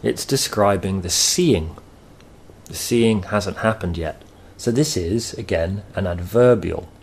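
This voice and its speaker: A man teaching a grammar lesson, explaining slowly and patiently with thoughtful pauses. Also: sits low, gravelly, husky.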